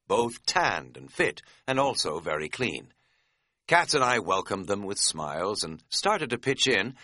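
Wry male audiobook narrator: bright, sharp tone, very lively inflection, dry humor. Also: mid-range voice, no room sound.

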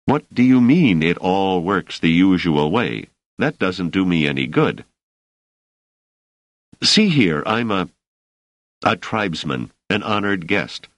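A wry, impatient scholarly man from an audiobook, as a deep-voiced male narrator plays him. The voice is very low but moves a lot in pitch, with dry irony and little patience. The recording is close and dead dry. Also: sing-song, slow, pauses often, no room sound, heavily acted. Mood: exasperated. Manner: dryly ironic, exasperated.

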